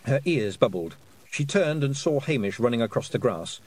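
A man narrating a storybook in an expressive reading voice. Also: medium pitch, normal speed, low-quality recording. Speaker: audiobook narrator. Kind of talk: scripted narration.

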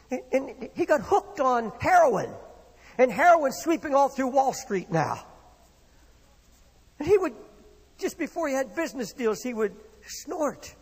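A man's voice: very high voice, breathy edge. A man preaching a sermon with impassioned, rising and falling delivery, in a church hall. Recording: long reverb of a hall.

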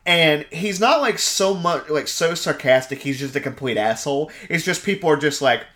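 A man's voice: on the high side, normal speed, a bit bright. A man casually recapping a film plot on a podcast, rambling with lots of fillers and acting out lines. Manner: rambling, heavy use of "like", acts out quotes. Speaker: podcast co-host.

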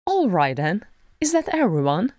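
A woman reading aloud, voicing a fretful, gentle male hobbit who quavers and frets over his words. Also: mid-range voice, big pitch swings, normal speed, dry recording, clean studio sound, pitched above the performer's own voice, lightly acted. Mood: bemused. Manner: flustered, quavering.

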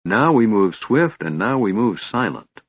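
Guy doing a big stern blacksmith, commanding, low husky voice, dry dull audio. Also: big pitch swings, unhurried, no room sound, full character voice. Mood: firm.

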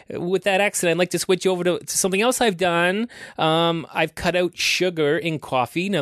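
This mid-range male voice belongs to a podcast host from Canada in his thirties. The studio sound is clean and echo-free as he rambles through a casual solo rant full of swearing and self-mockery.

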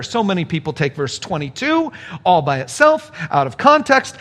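A man's voice sits high for a man and swings widely in pitch as he preaches. He is a middle-aged pastor who talks to his congregation casually. He explains each point step by step and breaks off for rhetorical asides. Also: very animated, moderate pace, a bit bright. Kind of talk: sermon.

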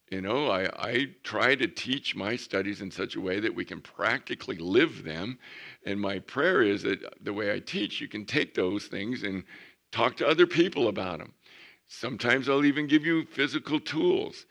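A man preaching a sermon as pastor, reading scripture slowly and building to emphatic points. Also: fairly low pitch, vocal fry, fairly bright tone. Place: church.

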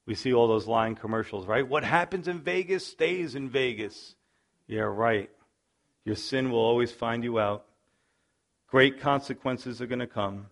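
A middle-aged man preaching a sermon in a voice of middling pitch. He tells the story with drama, acting out the people in it. His volume climbs to loud bursts and falls to quiet asides. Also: creaky. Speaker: pastor.

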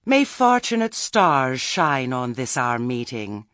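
A man's voice: mid-range voice, big pitch swings, takes it slowly, a bit bright, dry recording, studio quality, voice pushed up. A man voicing a prim, affected, well-off woman witch who speaks in formal, genteel phrases.

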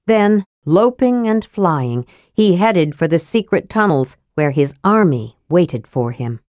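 A woman narrating a fantasy audiobook in a steady, even reading voice. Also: on the low side, slow pace, no room sound, studio quality.

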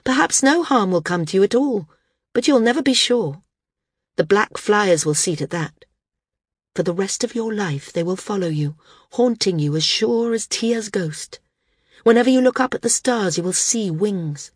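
A woman voicing a defiant female flyer who delivers calm, menacing warnings. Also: mid-range voice, moderate pace, husky, no room sound, clean studio sound. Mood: cold warning. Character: defiant young woman flyer issuing threats.

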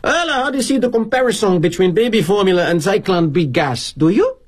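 A man's voice: sits high, expressive, brisk, husky, voice pushed up. A man voicing a mocking male executive with a Cuban accent and a sneering manner.

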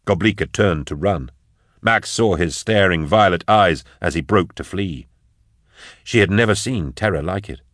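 A man reading an action story aloud in steady, measured audiobook narration. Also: sits low, dry recording, clean studio sound.

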